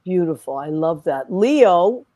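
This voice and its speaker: A woman's voice: fairly low pitch, lively intonation, takes it slowly, mellow, no room sound. Effusive chatty New woman host. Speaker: podcast host. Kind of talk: casual chat.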